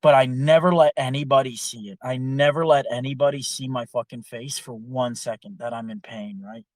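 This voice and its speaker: Casual young male podcaster, profane and animated, dry close mic. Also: mid-range voice, normal speed, no echo. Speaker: podcast co-host. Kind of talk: casual storytelling chat.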